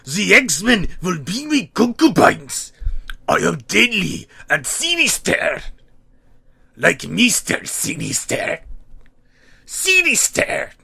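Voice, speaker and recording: A hulking male cartoon villain barks out every line in a thick German accent. The shouts are pitched high and stretched slowly. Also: huge pitch swings, creaky, husky, exaggerated voice. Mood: bellowing. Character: bellowing brutish male villain in a comic-book cartoon.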